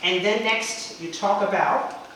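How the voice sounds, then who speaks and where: A male English teacher and chatty teacher trainer speaks in a high, slow, fairly bright voice with a faint hiss or hum. He checks in often with "okay?" and demonstrates chants. The recording is distant, in a very echoey room.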